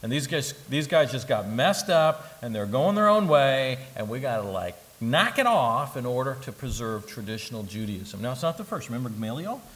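A man preaching a sermon, animated, dropping to soft asides and rising to loud emphatic bursts, with humorous asides. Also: mid-range voice, normal speed, hardly any pauses, poor audio. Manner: humorous asides and joking impressions. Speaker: pastor.

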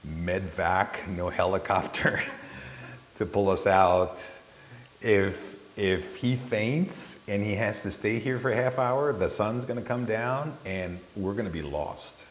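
Man, storyteller, slow, lowish voice, self-mocking, echoey hall, faint hiss. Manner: animated, self-mocking, many restarts. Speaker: storyteller recalling a trip. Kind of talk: spoken anecdote to an audience.

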